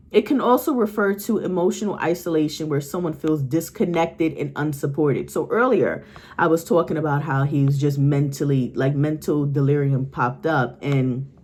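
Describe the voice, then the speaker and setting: A woman with a slightly lower voice tells a spiritual story directly to her viewers. She speaks in a loose, meandering way and keeps pausing to check in with her audience. She is talking at home, with her dog somewhere nearby. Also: a little mellow. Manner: rambling, with many restarts and checks like "okay?" and "right?". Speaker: psychic medium.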